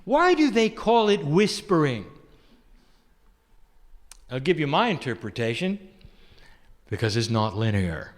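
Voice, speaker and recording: Man channeling an ancient spirit, tender, rhetorical questions, soft chuckles, long echoing hall. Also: a little high, very animated, unhurried, long pauses. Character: ancient loving spirit entity addressing listeners.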